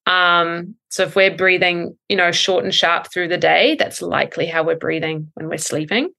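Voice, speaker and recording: This clip has the thirty-something breathwork coach speaking at a normal speed in a lowish, gravelly voice. She's being interviewed on a podcast and explains thoughtfully, often saying um and laughing softly.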